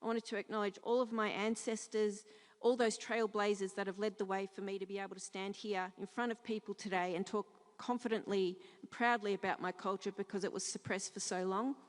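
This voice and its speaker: A woman with a croaky voice giving a ceremonial welcome, speaking softly and proudly and singing slow chants. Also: mid-range voice, fairly even intonation, big-room sound. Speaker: cultural performer giving a welcome. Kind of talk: ceremonial welcome speech and song. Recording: noisy live event recording.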